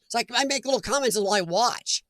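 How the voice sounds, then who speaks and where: A man's voice: very high voice, fast talker, fairly bright tone, no echo. A middle-aged man hosting a casual live stream, chatting and laughing as he answers comments. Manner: chatty, laughs often, talks back to chat.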